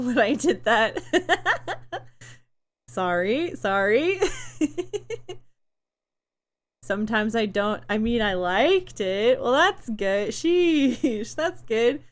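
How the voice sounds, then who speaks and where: A young adult woman with a fairly high voice chats casually on a live stream, her throat tired from talking. She's giggly and talkative, rambling with plenty of fillers.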